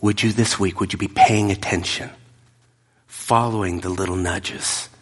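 Low-voiced pastor in a reverberant hall. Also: male voice, steady tone, measured pace, noisy background. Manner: emphatic, drops to hushed whispers. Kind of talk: sermon.

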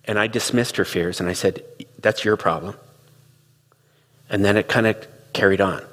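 A man's voice: on the low side, fairly even intonation, a little fast, a bit bright, long reverb tail. A middle-aged man giving a reflective, conversational talk, telling stories and acting out quoted dialogue. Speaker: speaker on relationships.

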